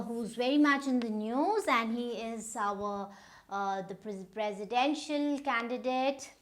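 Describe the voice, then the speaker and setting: A woman with an Indian English accent explains how to say words in an informal lesson. Her voice sits a little high. She talks at an easy pace and often stops to check that her listeners are following. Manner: unhurried, stops often to check understanding with "right?". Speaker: pronunciation teacher.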